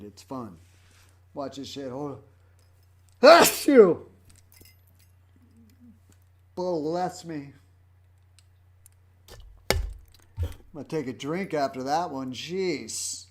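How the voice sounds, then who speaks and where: A man in his fifties hosts a casual livestream, unhurried and medium-pitched, rambling through anecdotes from his life as a rock drummer.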